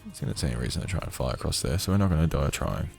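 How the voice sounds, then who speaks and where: A man with a croaky voice giving casual, chatty gameplay commentary on a livestream, with jokey asides to viewers. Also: a bass voice, animated, rapid-fire, a little mellow. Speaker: game streamer. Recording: game music under voice. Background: game music.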